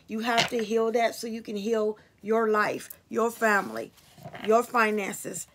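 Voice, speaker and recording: A woman's voice: a little high, measured pace, a little hiss or hum. A woman card reader talking casually and bluntly to her viewers about spirits and signs, swearing freely.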